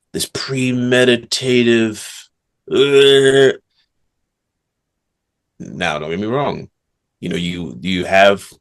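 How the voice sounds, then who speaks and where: A man, a guest author, talking casually in a rambling way, full of filler words and slang. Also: sits low. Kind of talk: casual conversation.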